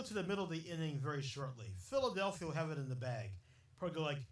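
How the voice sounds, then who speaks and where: A man's voice: a little high, animated, fast talker. A man hosting a rambling solo podcast, chatty and jokey, laughing often and drifting into silly asides while reading out local history. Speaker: podcast host. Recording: echoey room, distant mic.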